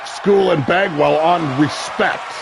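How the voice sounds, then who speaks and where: A man calling a wrestling match play-by-play, brash and crude, with sudden shouted bursts of excitement. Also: fairly high pitch, takes it slowly, gravelly, a crowd in the background, background noise. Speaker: wrestling commentator. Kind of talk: play-by-play commentary. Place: seated at a ringside commentary table.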